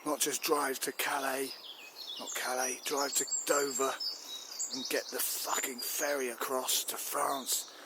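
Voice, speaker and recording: A man playing a furious, blustering air force chief who rants and shouts. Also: medium pitch, slow pace, background noise, lightly acted. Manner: ranting, shouting, swearing. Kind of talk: improvised comedy.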